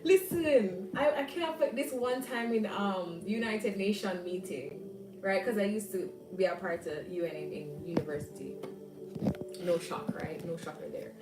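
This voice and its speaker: Jamaican woman hosting a live chat, lively and laughing, roomy echo, sits back from mic, faint music. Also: medium pitch, moderate pace, recorded from a distance. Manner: animated, laughing, banters with viewers. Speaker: livestream host. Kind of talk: casual chat reading live comments.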